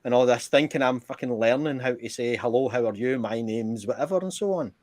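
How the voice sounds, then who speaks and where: A man's voice: mid-range voice, brisk, darkish tone, dry recording. A man on a live stream, swearing freely as he tells stories in casual chat. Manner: swears freely, tells anecdotes with acted quotes. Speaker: guest.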